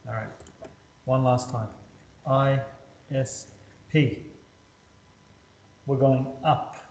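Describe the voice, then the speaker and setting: A man's voice: medium pitch, steady tone, drawn-out words, darkish tone. Chatty male maths tutor, roomy sound. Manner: chatty, repetitive, talks students through steps. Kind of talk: casual whiteboard lesson. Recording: roomy echo, slightly dull lo-fi sound.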